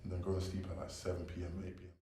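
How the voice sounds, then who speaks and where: A young man in his twenties with a London accent talks in relaxed slang and laughs often. His voice is fairly low. It rings in an echoey room with a faint hum of background noise. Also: racing. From United Kingdom. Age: 20s. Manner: slangy, animated, laughs a lot. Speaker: guest. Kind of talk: casual chat. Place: campus room.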